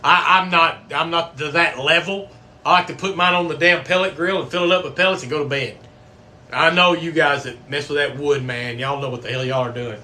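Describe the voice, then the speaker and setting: A man's voice: a little high, fairly even intonation, a little fast, sharp tone. A middle-aged man hosting a casual livestream, folksy and swearing freely. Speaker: livestream host; coach.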